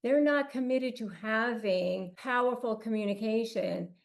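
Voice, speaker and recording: Slow, emphatic woman giving advice. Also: a little high, vocal fry. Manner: emphatic coaching, clipped punchy phrases. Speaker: host. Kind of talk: advice talk to camera.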